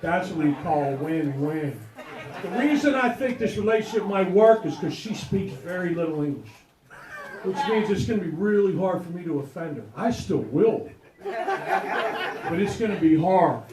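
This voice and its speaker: High-voiced man doing crude stand-up. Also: sing-song, moderate pace, crowd noise. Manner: crude, rowdy storytelling with punchlines. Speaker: stand-up comedian. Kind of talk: stand-up comedy set. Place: comedy club stage before a live audience. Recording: echoey club with audience laughter.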